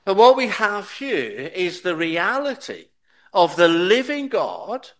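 A man preaching a Sunday sermon, with measured, emphatic repetition. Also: high-pitched, fairly bright tone.

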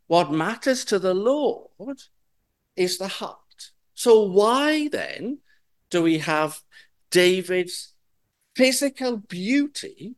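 A man preaches a sermon in a high, animated voice that rises and falls a lot. He takes his time, drawing out key words and stressing them. He keeps putting rhetorical questions to his listeners. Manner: slow, emphatic delivery with rhetorical questions.

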